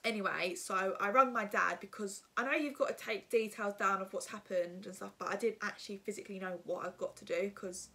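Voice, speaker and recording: A young woman tells her viewers a story in a loose, chatty way. She rambles and fills her sentences with fillers, and her voice sits in a middling pitch. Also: a little fast, few pauses, fairly bright tone. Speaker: vlogger. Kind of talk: casual storytime.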